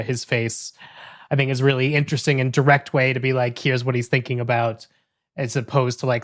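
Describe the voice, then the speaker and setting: A man co-hosting a podcast, talking enthusiastically in casual chat with frequent fillers. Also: mid-range voice. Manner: enthusiastic, talkative, with many fillers. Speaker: podcast co-host.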